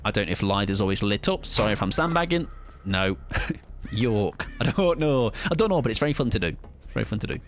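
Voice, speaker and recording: A man's voice: lowish voice, big pitch swings, a little fast, a little hiss or hum. Rambling, jokey streamer man. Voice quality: rambling, jokey, swears casually. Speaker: game streamer. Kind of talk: casual live-stream chat during gameplay.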